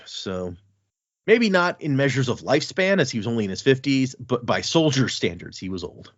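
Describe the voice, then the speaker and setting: Brief: lively male podcast co-host, a mid-pitched voice that rises and falls a lot, dry, slightly dull audio. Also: no room sound. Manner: animated, acts out characters' lines in quick voices. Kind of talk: casual book recap chat.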